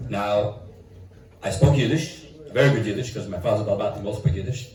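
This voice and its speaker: A middle-aged man from Italy, a rabbi, telling an animated story at a gathering and dropping in Yiddish and Italian phrases. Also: on the low side, brisk. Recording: roomy echo from far off.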